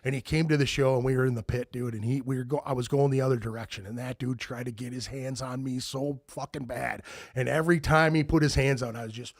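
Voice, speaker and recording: A man's voice: mid-range voice, fairly even intonation, fast, hardly any pauses, no room sound, clean studio sound. A middle-aged man hosting a podcast, telling stories in casual chat, swearing freely and laughing often. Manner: profane, laughing storyteller. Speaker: podcast host.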